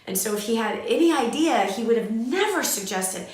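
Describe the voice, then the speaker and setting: A woman's voice: fairly high pitch, a little fast. Candid woman in an echoey room. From Southern California. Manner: candid, animated, fillers and restarts. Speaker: host. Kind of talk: emotional personal storytelling.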